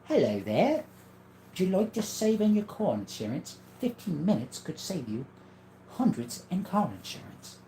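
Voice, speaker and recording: A man voicing a chipper male gecko insurance mascot, giving a cheery sales pitch. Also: sing-song, moderate pace, mellow, a little hiss or hum.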